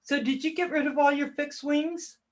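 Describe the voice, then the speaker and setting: A woman hosting a relaxed livestream, loose and talkative. She pokes fun at herself and laughs often. She greets her viewers by name as she chats. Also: high-pitched, normal speed. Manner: chatty and self-deprecating, laughs often. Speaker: livestream host reading chat. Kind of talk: casual livestream chat.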